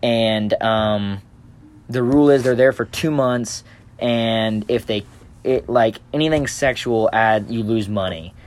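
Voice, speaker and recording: A man's voice: on the low side, measured pace. A young man hosting a podcast in casual chat, rambling with fillers and restarts. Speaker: podcast host. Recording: faint background hiss.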